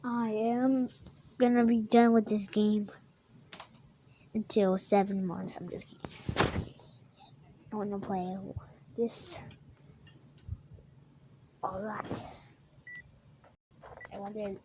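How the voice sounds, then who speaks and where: A young woman giving excitable gameplay commentary, gasping and exclaiming at what happens in the game. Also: medium pitch, slow, pauses often, background noise. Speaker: gaming YouTuber.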